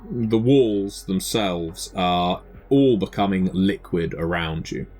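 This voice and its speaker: A man narrating a tabletop game as game master, describing scenes in a measured way with occasional fillers. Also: low voice, darkish tone, faint music behind.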